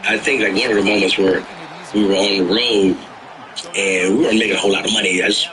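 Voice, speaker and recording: A man telling tour stories in a casual chat, animated and slangy, swearing freely and breaking into loud outbursts. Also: lowish voice, quick pace, background noise. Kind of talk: casual storytelling.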